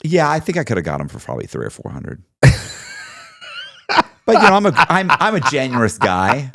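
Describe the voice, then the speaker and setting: A man's voice: medium pitch, wildly swooping pitch, fairly quick, vocal fry, fairly bright tone. A man telling a story in a casual interview, acting out both sides of the conversations he recounts. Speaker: podcast guest telling his story.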